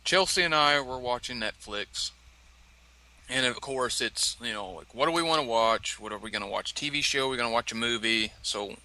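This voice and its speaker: Man, casual co-host, bright sharp tone, rambling, lots of fillers. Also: medium pitch, low-quality recording. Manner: rambling storytelling with filler words. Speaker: podcast co-host. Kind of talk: casual chat.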